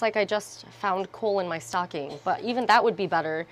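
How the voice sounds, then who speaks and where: A woman's voice: medium pitch, a little fast. A woman, a local TV news anchor bantering on air in the studio, playfully glum and conversational.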